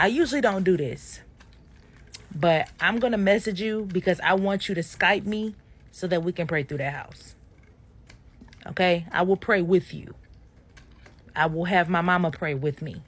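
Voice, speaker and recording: A woman from Detroit telling a true ghost story to her followers, chatting straight to viewers and acting out the people in it. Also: fairly low pitch. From Detroit, USA. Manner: chatty, addresses viewers directly, acts out voices.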